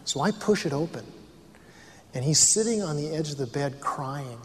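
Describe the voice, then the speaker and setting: A man's voice: fairly high pitch, lively intonation, moderate pace, big-room sound, slight background noise. A man giving a sermon-style talk, telling personal stories earnestly and asking the audience questions. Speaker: speaker on family and counseling.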